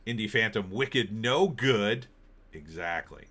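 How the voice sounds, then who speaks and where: A man's voice: lowish voice, animated, slow, fairly bright tone, husky. Sarcastic ranting male commentary host. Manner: sarcastic, ranting, mocking asides in put-on voices. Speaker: host of an opinion show. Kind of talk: casual commentary reading headlines.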